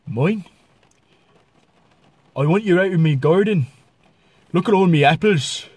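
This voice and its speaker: A man's voice: sits high, animated, a little slow, a little mellow, breathy edge, no echo, heavily acted. A grumpy Cornish apple grower, put on by a man, scolding in a broad Cornish accent. His voice is raised and cross, and the sound is dry.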